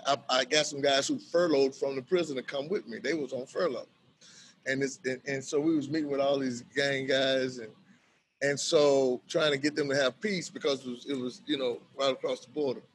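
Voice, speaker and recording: A middle-aged man, a bishop, telling stories casually in a conversation, animated and quick to laugh. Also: mid-range voice, a little hiss or hum. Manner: animated, acts out quoted voices, laughs often. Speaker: bishop and violence-prevention worker.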